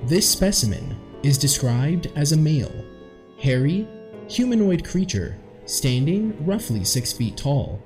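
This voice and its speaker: A man's voice: mid-range voice, a little mellow. A young man hosting a casual mystery podcast, joking and laughing often, recorded in an echoey room. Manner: jokey, lots of fillers and laughter. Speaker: podcast host. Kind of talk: casual podcast chat, reading facts.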